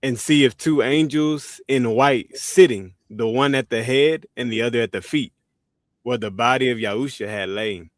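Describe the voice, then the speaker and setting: A man's voice: medium pitch, moderate pace, dry recording. Man reading scripture aloud, dry close sound. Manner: steady, plain reading of old-style wording. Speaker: scripture reader. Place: online video call.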